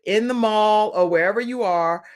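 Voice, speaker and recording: A woman hosting a talk show, lively, laughing often and repeating her guest's key points back. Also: medium pitch, normal speed, clear, resonant tone.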